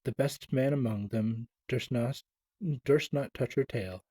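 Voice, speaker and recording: Mellow male storybook reader. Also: medium pitch, a little slow, dry recording. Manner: gentle, expressive reading with small stumbles. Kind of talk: storybook reading aloud.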